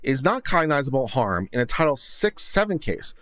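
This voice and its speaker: A man's voice: medium pitch, big pitch swings, a little fast, fairly bright tone, no room sound. A man hosting a legal commentary show, reading a court opinion aloud and breaking in with thoughtful asides of his own. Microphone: studio condenser mic.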